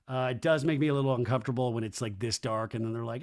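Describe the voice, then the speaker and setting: A man's voice: mid-range voice, quick pace, hardly any pauses. A man hosting a casual podcast, reading out listener comments and chatting about them, thinking aloud with plenty of fillers and hedges. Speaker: podcast host.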